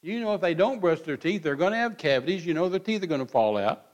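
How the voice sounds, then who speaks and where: Animated folksy preacher man in his sixties. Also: fairly high pitch, quick pace, dull audio. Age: 60s. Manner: folksy, blunt, acts out both sides of quoted dialogue. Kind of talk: sermon. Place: church.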